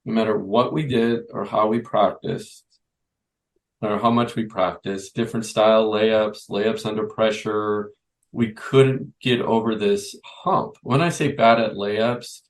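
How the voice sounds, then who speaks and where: A man's voice: on the low side, fairly even intonation, unhurried, low-quality recording. A man hosting a youth basketball coaching podcast, thinking aloud with many restarts and fillers. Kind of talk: conversational podcast interview.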